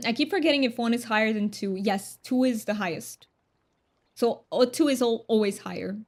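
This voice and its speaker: A woman's voice: on the high side, moderate pace. A woman chatting casually while streaming a game, laughing often and repeating her words as she goes. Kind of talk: casual live-stream chat.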